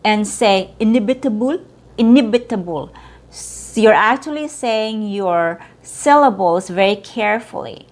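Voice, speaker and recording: A woman teaching English pronunciation, repeating words slowly and drawing out each vowel. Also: mid-range voice, lively intonation. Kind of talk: slow, careful pronunciation lesson.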